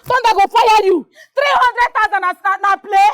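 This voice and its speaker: A shrill, furious Nigerian woman. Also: moderate pace, slight background noise. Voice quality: shrill, shouting in Pidgin. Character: loud furious woman shaming a debtor in public. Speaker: businesswoman owed money. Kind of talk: Nollywood film acting.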